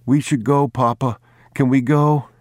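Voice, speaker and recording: A man's voice: medium pitch, steady tone, unhurried, a little mellow, no room sound, pitched above the performer's own voice, natural voice. A man voicing a frightened young boy in a storybook reading, pleading and trembling.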